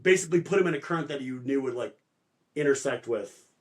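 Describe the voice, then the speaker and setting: A man's voice: medium pitch, lively intonation, fast talker. Chatty man retelling a plot loosely. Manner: retells the plot in loose paraphrase, many "like" fillers, mock-voicing characters. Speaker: podcast co-host. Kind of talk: casual book discussion.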